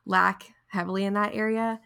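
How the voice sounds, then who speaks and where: A young woman with a bright, forceful voice talks casually as a podcast co-host. Her speech is full of "like" fillers and quick laughs, and it stays loose and conversational throughout. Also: medium pitch, level tone, vocal fry, clean tone. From near Raleigh, North Carolina. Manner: chatty, lots of "like", laughs often. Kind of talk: casual chat.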